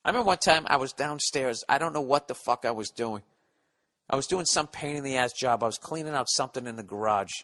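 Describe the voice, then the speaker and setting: A man's voice: mid-range voice, expressive, quick pace, fairly bright tone. A man hosting a podcast, ranting in a casual, profane, sarcastic and rambling way. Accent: Boston. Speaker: podcast host. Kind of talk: casual comedic rant.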